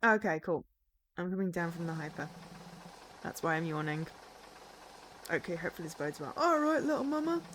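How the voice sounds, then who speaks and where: A woman's voice: deep voice, fairly even intonation, moderate pace, long pauses, noisy background. A woman streamer chatting casually and playfully while playing a game. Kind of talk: casual let's-play commentary.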